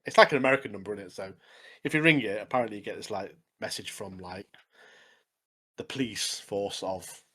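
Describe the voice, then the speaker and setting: A man's voice: on the low side, fairly quick, bright, forceful tone, breathy edge. A young man co-hosting a podcast, chatting casually, agreeing and laughing easily, repeating "obviously" and "mate.". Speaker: podcast co-host. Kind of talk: casual chat.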